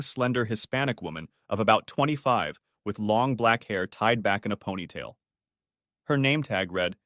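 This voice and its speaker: A man narrating a first-person audiobook story in a steady storytelling manner. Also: medium pitch, dry recording, studio quality.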